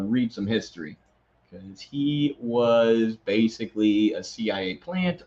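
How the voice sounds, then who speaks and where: A man's voice: lowish voice, muffled recording. A man who hosts the show, reading an article aloud and breaking in with sarcastic, mocking asides. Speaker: host.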